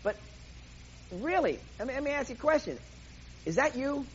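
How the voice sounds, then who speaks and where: A man's voice: very high-pitched, big pitch swings, moderate pace, muffled recording, slight background noise. A man preaching a sermon in an emphatic, impassioned way, often repeating himself for emphasis.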